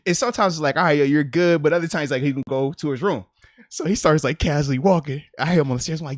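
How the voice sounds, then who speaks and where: A man's voice: fairly high pitch, expressive, quick pace, no echo, studio quality. A man in his thirties hosting a podcast, telling a family story in casual chat, often laughing. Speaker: podcast host, former player.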